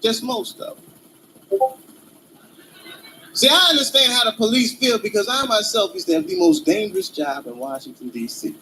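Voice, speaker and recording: A man performing a stand-up comedy routine in role-play, with animated, profane storytelling and frequent laughter. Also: very high-pitched, normal speed, creaky, long pauses, a little hiss or hum, low-quality recording.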